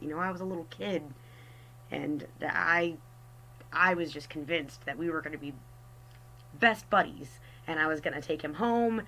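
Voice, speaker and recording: A woman's voice: fairly low pitch, fairly bright tone, slight background noise, poor audio. A young woman telling a personal story in a casual, chatty way, wry and self-mocking. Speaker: artist storyteller.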